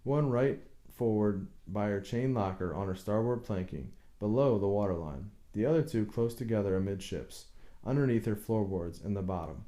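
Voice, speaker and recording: A man's voice: fairly low pitch, normal speed, dark tone, natural voice. A man reading an audiobook, voicing a stubborn village boat builder who speaks plainly but insistently and deferentially to authority.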